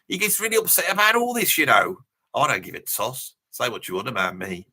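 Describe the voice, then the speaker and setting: In character as a mouthy Birmingham metalhead, a livestream host blusters and rambles through a live reaction stream, swearing offhandedly and cracking himself up. His exaggerated voice sits mid-range with wildly swooping pitch, a slightly fast pace, and a bright, forceful tone, all in a blustery mood.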